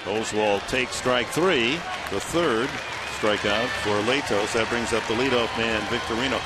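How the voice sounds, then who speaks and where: A man calling a baseball game play-by-play in a steady, informative way, a little hoarse. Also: fairly low pitch. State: slightly hoarse. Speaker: play-by-play announcer. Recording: broadcast booth over loud stadium crowd. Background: loud stadium crowd noise.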